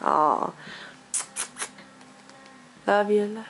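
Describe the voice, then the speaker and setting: A woman's voice: medium pitch, lively intonation, drawn-out words, a bit bright, slight background noise, rough recording. A woman filming at home, cooing to her cat in singsong baby talk. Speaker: pet owner filming at home. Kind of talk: casual home video. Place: own house.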